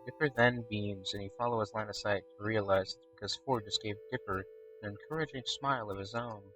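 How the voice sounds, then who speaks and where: A man with a fairly low voice reads a game's story aloud on his stream. Between passages he thinks out loud, humming and swearing freely. Faint music plays in the background. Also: quick pace, rough recording. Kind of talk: reading a game aloud and reacting.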